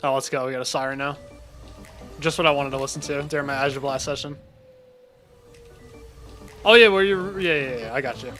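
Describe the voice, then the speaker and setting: A man's voice: medium pitch, fairly quick, long pauses, bright, forceful tone. A young man casually commenting on his game during a live stream, chatty and reacting to chat, often breaking off mid-sentence. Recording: faint music behind.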